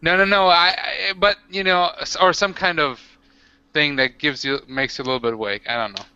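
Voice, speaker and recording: A man playing a tabletop game, chatting in an excitable, rambling way with many restarts. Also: on the high side, brisk, muffled recording, slight background noise. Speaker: player. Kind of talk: casual tabletop game chat.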